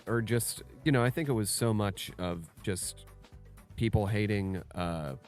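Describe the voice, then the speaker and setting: Man, lowish voice, laid-back co-host, casual swearing, faint music behind. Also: unhurried. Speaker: podcast co-host. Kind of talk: casual chat.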